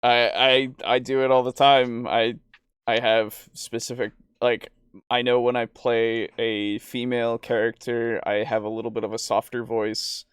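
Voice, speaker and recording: A man's voice: mid-range voice, level tone, a little slow, clean tone, no echo. A man co-hosting a tabletop gaming podcast, talking casually in a rambling way with frequent laughs. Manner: rambling, with fillers and restarts, laughs often. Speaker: podcast co-host. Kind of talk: casual chat.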